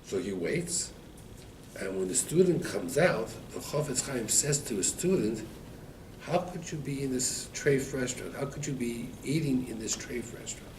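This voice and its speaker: A man teaching a Torah class, telling stories and acting out the quotes with lively rises in his voice. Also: normal speed. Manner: animated storyteller, acts out quotes with rising pitch. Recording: echoey room, mic at a distance, faint background noise.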